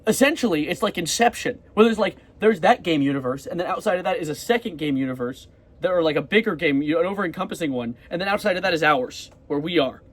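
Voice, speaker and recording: A young man rambling fast in a casual video diary, swearing casually as he talks. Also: on the high side, animated. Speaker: vlogger.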